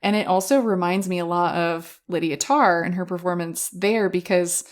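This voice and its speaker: Low-voiced woman, lively podcast guest. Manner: lively, quick to laugh, acts out quotes. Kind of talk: casual film discussion.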